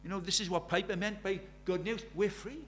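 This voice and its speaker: Brief: middle-aged man preaching, voice a little high, swings between hushed and urgent, faint hum behind. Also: steady tone, brisk. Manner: swings from hushed intimacy to loud urgent questions. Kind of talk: sermon.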